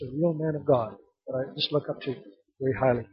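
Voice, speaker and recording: A man preaching a sermon, telling a story and then calling loudly on the congregation to open their Bibles. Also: mid-range voice, steady tone, quick pace, muffled recording. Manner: storytelling, building to loud exhortation. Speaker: pastor.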